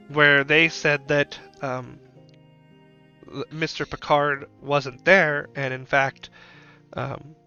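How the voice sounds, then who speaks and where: A man voicing a sheepish, nervous messenger who reports in halting, apologetic words. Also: mid-range voice, pushed and bright, clean tone, muffled recording.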